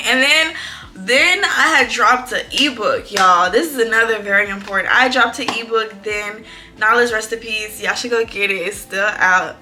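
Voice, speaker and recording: A young woman, telling a storytime vlog in an animated, profane, exclamatory way. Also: on the high side, normal speed, soft background music. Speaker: vlogger. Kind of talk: casual storytime.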